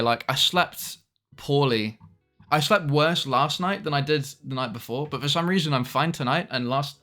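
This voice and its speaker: A man's voice: mid-range voice, bright, forceful tone. Chatty British streamer guy. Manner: chatty, greets viewers by name, laughs often, trails off mid-sentence. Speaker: live streamer. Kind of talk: casual live-stream chat.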